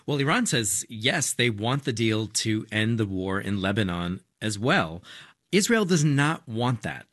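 A man working as a news correspondent, explaining events in a measured conversational debrief with frequent small fillers. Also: lowish voice.

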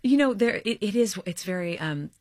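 An American actress from Oklahoma, chatting as an interview guest with lots of fillers and laughter. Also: female voice, mid-range voice, expressive, normal speed, a little mellow, dry recording, clean studio sound. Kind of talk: casual interview chat.

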